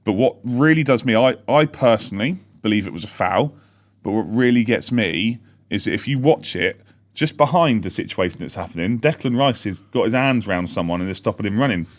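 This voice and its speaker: Fast-talking low-voiced man. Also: animated. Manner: rapid, rambling storytelling of match events. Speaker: podcast co-host. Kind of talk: casual live-stream chat. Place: at home.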